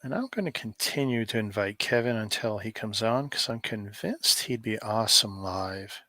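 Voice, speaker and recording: A man's voice: fairly low pitch, animated, moderate pace, sharp tone, dry recording. A middle-aged man from Canada chatting to viewers by name on a live stream, rambling and joking between stories. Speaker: live streamer opening advent calendars. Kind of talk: casual live-stream chat.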